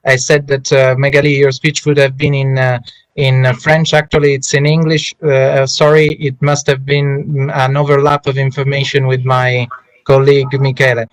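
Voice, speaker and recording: A man moderating an online panel, halting and apologetic, with many fillers. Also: medium pitch, completely flat delivery, no room sound, poor audio.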